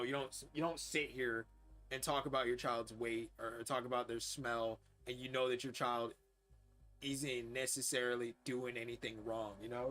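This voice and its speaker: Candid, cursing young man with a bright voice. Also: medium pitch. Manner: candid, profane, rambling with many fillers. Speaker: gaming streamer. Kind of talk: casual chat while livestreaming.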